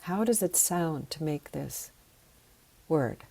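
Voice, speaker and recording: A woman teaching sound healing, leading slow, soothing breathing and voice exercises. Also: low-pitched, lively intonation, gravelly, mellow.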